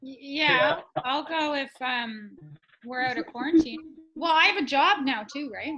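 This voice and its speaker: A young woman answering family questions quickly and unsurely on a video call. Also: high voice, bright, forceful tone, rough recording. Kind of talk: casual family chat.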